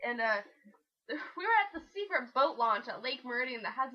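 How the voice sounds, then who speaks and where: A woman's voice: on the high side, expressive, a little fast, bright, forceful tone. A teenage girl and podcast guest, telling a story in a casual chat with lots of laughter, on a dull lo-fi recording. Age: teens.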